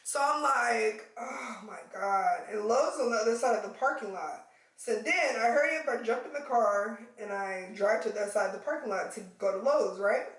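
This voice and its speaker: Woman, storytime vlog, animated, chatty, slightly high voice, very echoey room, a bit off-mic. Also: brisk, far from the mic. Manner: animated, talks straight to viewers as y'all, swears. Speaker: mom vlogger telling a story. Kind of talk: casual storytime.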